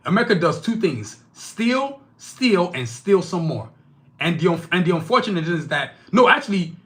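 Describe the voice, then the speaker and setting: A man from Nigeria delivering a heated opinion monologue, indignant and forceful, swearing freely and firing off rhetorical questions. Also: a little high. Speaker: political commentator.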